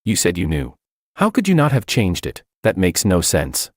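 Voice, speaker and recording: A man's voice: low voice, wildly swooping pitch, normal speed, no echo, clean studio sound, full character voice. A man voicing a flustered young woman who rambles nervous excuses. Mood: frantic.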